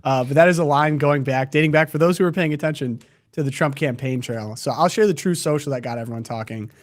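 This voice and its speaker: A man's voice: a little high, fast talker. A man co-hosting a podcast, casually discussing the news and reading out quotes. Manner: conversational, reads quotes aloud. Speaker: podcast co-host.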